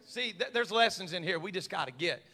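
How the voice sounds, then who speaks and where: A man preaching a sermon, folksy and stammering, swinging from quiet asides to fiery shouts. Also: high voice, expressive, fairly quick, vocal fry, a crowd in the background.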